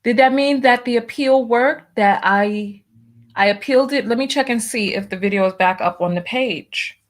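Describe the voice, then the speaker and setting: Exasperated woman venting on a livestream. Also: on the high side. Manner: frustrated, venting, rapid restarts. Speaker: livestream show host. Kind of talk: casual livestream talk.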